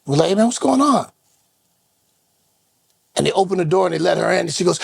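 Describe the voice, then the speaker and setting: A man with a high, gravelly voice tells a story in loose podcast chat. He slips into other people's voices as he goes. The sound is close and dry. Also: fairly quick, pauses often, no room sound. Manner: animated storyteller, acts out voices. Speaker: co-host.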